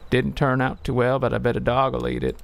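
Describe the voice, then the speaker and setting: A man voicing a sentimental old gas station owner, reading his lines in a folksy, unhurried way. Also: medium pitch, very animated, creaky.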